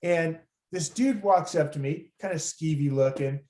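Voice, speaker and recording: A man's voice: fairly high pitch, unhurried, dark tone. A man from Los Angeles hosting a storytelling show, telling a personal story in a loose, rambling way full of fillers. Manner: rambling, many fillers and restarts. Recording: roomy echo.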